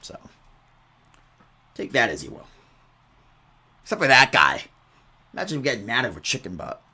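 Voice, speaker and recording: A man's voice: medium pitch, very animated, moderate pace, bright, forceful tone, husky. A young man telling rambling, casual stories at halftime of an online game broadcast, with bursts of exaggerated outrage.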